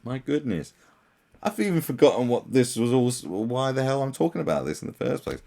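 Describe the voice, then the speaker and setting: A young man ranting sarcastically as a commentary host, swearing often and mocking others in shrill put-on voices. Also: lively intonation, a little fast, vocal fry, warm tone.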